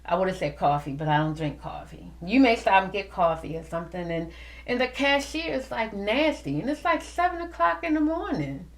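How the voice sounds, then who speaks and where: A woman hosting a podcast, giving an animated motivational talk to her listeners. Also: mid-range voice, moderate pace. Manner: animated, preachy, addresses listeners as y'all. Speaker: podcast host.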